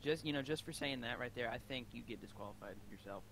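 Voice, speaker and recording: Gravelly-voiced young man teasing a friend. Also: mid-range voice, quick pace, a bit bright, slight background noise, rough recording. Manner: teasing, bossy banter. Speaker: friend in voice chat. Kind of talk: casual voice chat banter.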